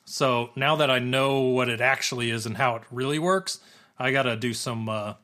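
A man's voice: mid-range voice, moderate pace, bright, forceful tone. A man co-hosting a gaming podcast, chatting and explaining game mechanics with frequent restarts. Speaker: podcast co-host. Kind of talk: casual gaming podcast chat.

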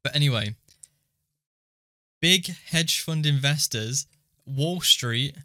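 A young man co-hosts a casual podcast and patiently walks his friend through an idea. His voice is bright and forward. The sound is dry and close, with no room around it. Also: a little high, slow, dry recording. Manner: explains things step by step. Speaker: podcast co-host.

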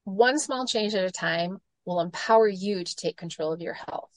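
A woman's voice: mid-range voice, moderate pace, no room sound. Woman guest in her forties, dry close sound. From Michigan, United States. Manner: animated storytelling, acts out quoted voices. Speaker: guest, gut health coach. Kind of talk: casual interview chat.

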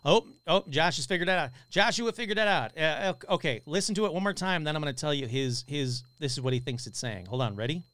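A man hosting a live paranormal podcast, chatting casually and excitably as he reads out viewer comments, swearing now and then. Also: fairly high pitch, fast, few pauses.

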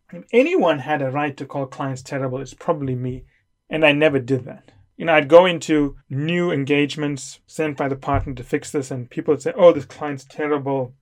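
A middle-aged man giving an emphatic, lecturing talk as a consulting coach. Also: a little high. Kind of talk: lecture to camera.

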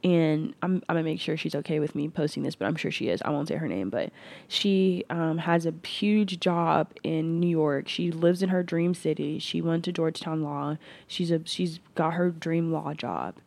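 A woman's voice: sits low, moderate pace, creaky, a little mellow. A woman hosting her podcast, talking earnestly in a reflective personal monologue, with frequent restarts and "like" fillers. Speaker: podcast host.

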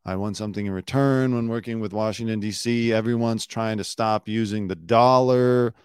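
A man hosting a casual news commentary show, sarcastic and quick to mock pundits. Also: on the low side, fairly even intonation, clear, resonant tone, dry recording, studio quality. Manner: sarcastic, mocks pundits in put-on mopey voices.

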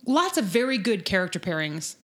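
A woman's voice: mid-range voice, sing-song, fairly quick, a bit bright. A woman co-hosting a podcast, chatting casually and animatedly as she retells scenes. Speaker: podcast co-host. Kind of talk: casual recap chat.

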